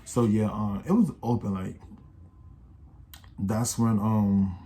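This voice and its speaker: A man's voice: lowish voice, fairly even intonation, slow pace, warm tone. An eighteen-year-old man telling a casual storytime, rambling and slangy, with many restarts and quoted voices. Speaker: vlogger.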